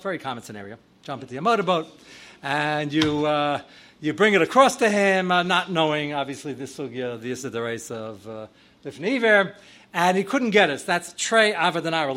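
A man teaching a Torah class as a rabbi, with a somewhat high voice. He speaks conversationally, sprinkles in Hebrew and Yiddish terms, and surges loud and animated whenever he acts out an example. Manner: animated, voice swelling loud when acting out examples.

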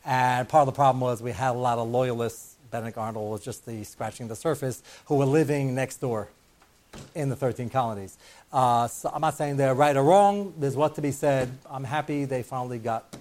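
Joking, digressive rabbi teaching. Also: male voice, medium pitch, moderate pace, darkish tone. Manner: digressive, joking, sprinkles in Hebrew and Yiddish terms. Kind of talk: Torah class lecture.

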